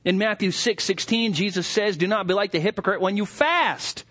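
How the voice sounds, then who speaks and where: A man preaching a sermon, talking animatedly and mocking hypocrites with quick impressions. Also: sits high, a bit bright. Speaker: pastor.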